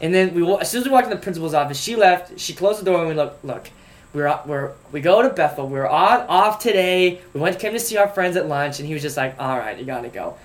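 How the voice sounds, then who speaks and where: Male co-host, high voice, jokey storyteller, casual chat. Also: quick pace. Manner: animated, joking storyteller. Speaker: podcast co-host.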